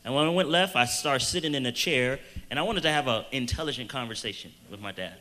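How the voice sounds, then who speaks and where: A man speaking on a youth panel, his tone bright and forceful. He tells a personal story in an earnest, halting way, with repeated starts, then slows right down to press a point home. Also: medium pitch, lively intonation. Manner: earnest storytelling with hesitant restarts and emphatic slowed phrases.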